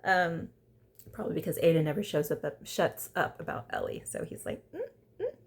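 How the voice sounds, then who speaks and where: A woman with a deep, gravelly voice briskly recaps a reality dating show in casual chat. She's chatty and opinionated, acting out cast members' lines in put-on voices as she goes.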